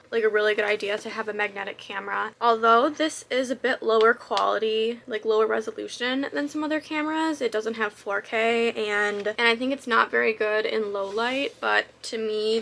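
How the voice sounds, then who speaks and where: A woman's voice: fairly high pitch, creaky, fairly bright tone, a little hiss or hum. A young woman vlogging in a chatty, rambling way, full of casual fillers. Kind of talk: casual vlog chat.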